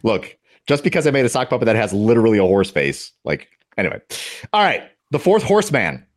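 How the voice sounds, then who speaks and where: A man's voice: medium pitch, big pitch swings, a little fast. A man co-hosting a podcast in a jokey, playful casual chat. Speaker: podcast co-host.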